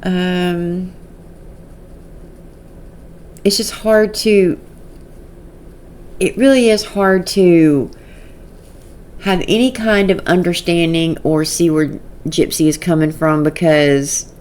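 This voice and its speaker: A woman's voice: fairly low pitch, fairly even intonation, slow, darkish tone. A woman commenting on online drama in a casual vlog, sarcastic and exasperated, often laughing.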